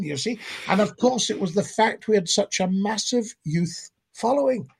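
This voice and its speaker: A man's voice: high voice, expressive, normal speed, vocal fry, hardly any pauses, slightly rough. A man, a former radio phone-in host, telling stories and acting out his callers' voices. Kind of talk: interview anecdotes.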